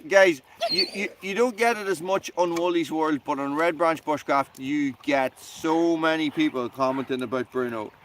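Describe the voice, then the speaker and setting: A man hosting a casual live stream outdoors by a campfire, rambling to viewers and talking to his dog. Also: slight background noise. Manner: rambling, talks to his dog in a high excited voice. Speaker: channel host.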